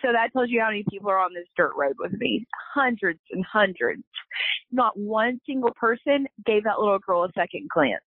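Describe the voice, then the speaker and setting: A woman's voice: mid-range voice, animated, normal speed, husky, no room sound. A woman, a company founder, telling her story as a guest in an earnest, emotional way. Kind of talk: casual storytelling interview. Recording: tinny phone line, dry.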